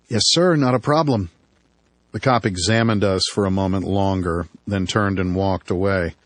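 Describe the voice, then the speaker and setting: A man's voice: low voice, dry recording. A man narrating a first-person audiobook with dry, wry storytelling.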